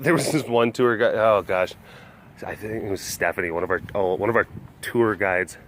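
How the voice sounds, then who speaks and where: Guy vlogging outside at an animal sanctuary, rambly and giggly, mid pitch voice, a bit of faint background noise. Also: a bit bright. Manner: rambling, chuckling often, restarts sentences. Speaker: vlogger at a big cat facility. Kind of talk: casual walking vlog.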